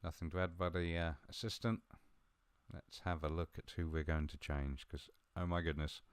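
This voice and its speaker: A man talking through a football management game he is playing, chatty and a little mumbling, with sudden bursts of excitement. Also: low voice, normal speed, clear, resonant tone, no echo. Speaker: gaming video host. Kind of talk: live game commentary.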